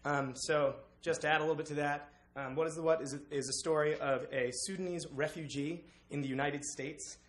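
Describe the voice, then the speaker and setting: A young man presenting a book to his class, halting with many uhs. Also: a little high, steady tone. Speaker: student presenter.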